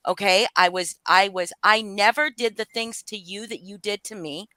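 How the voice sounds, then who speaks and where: Woman, fired-up livestream confrontation, profane and heated, bright voice, dry close sound. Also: medium pitch, fairly even intonation, normal speed, no room sound. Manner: angry, profane, voice rising and falling. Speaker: livestream guest speaking out. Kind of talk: emotional live-stream confrontation.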